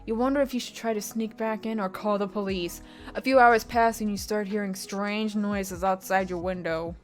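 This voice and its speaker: A young woman streaming a text adventure, reading the story aloud and breaking in with sudden loud, high-pitched outbursts and swearing. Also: steady tone, moderate pace, faint music behind.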